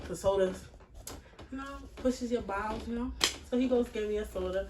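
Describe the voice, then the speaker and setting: Fairly high in pitch and fairly quick, a woman in her twenties tells a personal story in a casual, blunt, animated way, swearing constantly. The mic is far off in an echoey room, and there's a faint hiss.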